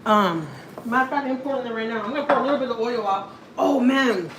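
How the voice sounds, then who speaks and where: A woman's voice: a little high, quick pace, heavy background noise. Chatty woman cooking at home. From Houston, Texas. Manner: chatty, talks straight to viewers, lots of "like" and "y'all". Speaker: family vlogger. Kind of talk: casual cooking vlog. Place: home kitchen.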